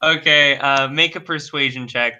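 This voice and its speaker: A man running a tabletop game online as game master, narrating haltingly with many pauses and restarts. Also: mid-range voice, steady tone, pushed and bright, dull audio. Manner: halting, full of ums and restarts.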